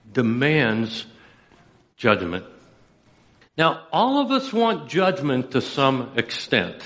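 A man's voice: fairly high pitch, fairly bright tone. Man preaching, echoing church hall. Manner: storytelling with dramatic pauses and rising intensity. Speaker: pastor. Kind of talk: sermon. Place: church sanctuary.

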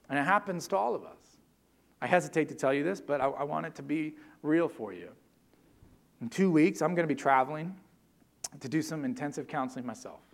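Earnest male pastor preaching a sermon. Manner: earnest, varies from loud emphasis to hushed low tones.

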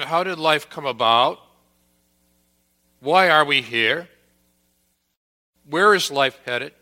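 A male pastor delivering a sermon at an unhurried, measured pace. His voice sits a little high for a man and has a bright, forceful edge. He lands his emphasis firmly on repeated words, building point by point. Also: big-room sound. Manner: deliberate, emphatic preaching with stressed repeated words.

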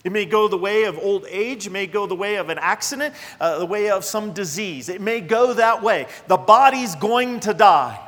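A man's voice: sits high, normal speed, few pauses, fairly bright tone, long reverb tail. A male pastor preaching a sermon in a conversational, emphatic way, speaking straight to his congregation.

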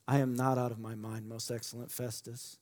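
A man's voice: mid-range voice, little pitch movement, brisk, darkish tone, voice pushed down, natural voice. A man reading Paul on trial: solemn, earnest scripture voice, hall reverb. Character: the apostle Paul, a man defending himself before a king. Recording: long reverb of a large hall.

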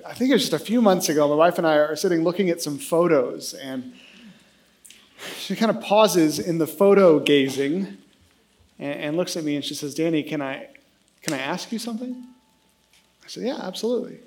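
A man in his thirties preaching a sermon, telling a self-deprecating funny story in an animated way. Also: on the high side, brisk, slight background noise. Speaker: pastor.

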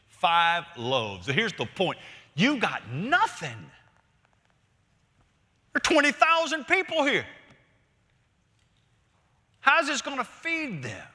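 A man's voice: on the high side, bright, forceful tone, in a large hall. A middle-aged male pastor preaching a sermon in a conversational, storytelling way, asking the listeners questions.

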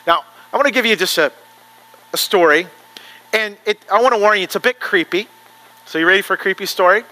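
A male pastor giving a sermon in a church, moving from earnest prayer to chatty, animated storytelling. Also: high-pitched, fairly quick, low-quality recording. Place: church sanctuary.

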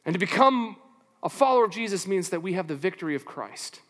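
A man with a high voice delivers a lively sermon in a church hall. He asks his listeners rhetorical questions and acts out little back-and-forth exchanges. A long reverb trails after his words. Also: quick pace. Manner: animated preaching with rhetorical questions and acted dialogue. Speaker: pastor.

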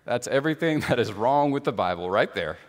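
A man's voice: mid-range voice, expressive, brisk, big-room sound. A male pastor giving a conversational sermon, with frequent fillers and rhetorical questions to the congregation.

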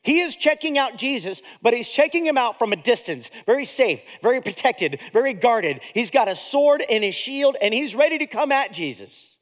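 A man preaching a sermon as pastor, in a lively, conversational way that mixes jokes and acted-out voices into his teaching. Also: extremely high pitch, moderate pace, hardly any pauses.

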